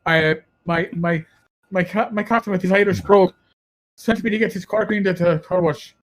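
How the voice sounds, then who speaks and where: A man, a former police officer, telling animated and profane stories in casual podcast chat. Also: high voice, normal speed, low-quality recording.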